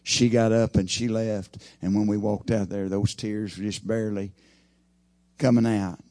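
A man preaching a sermon, swelling loud and high for emphasis, then dropping to a hushed, slow delivery. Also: little pitch movement, no echo.

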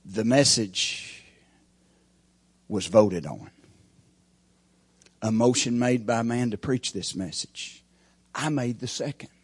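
A man preaching a sermon as pastor, with folksy grammar, swinging from shouted peaks to hushed, quiet lines. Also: mid-range voice, lively intonation, slow, pauses often, slightly rough, no echo.

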